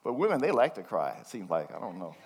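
An older man preaching a conversational sermon, reading scripture slowly between folksy, chuckling asides. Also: lowish voice, wildly swooping pitch, a little mellow, slight background noise. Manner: folksy, chuckling asides, slows down to read verses.

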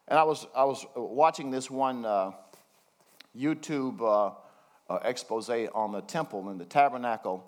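An older man preaching a conversational sermon, reading scripture slowly between folksy, chuckling asides. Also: mid-range voice. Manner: folksy, chuckling asides, slows down to read verses.

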